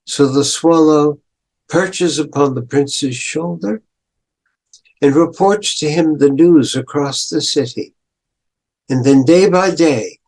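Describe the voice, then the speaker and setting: An older male professor retelling a story in a lecture, deliberate, clearing his throat and adding asides. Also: on the high side, darkish tone.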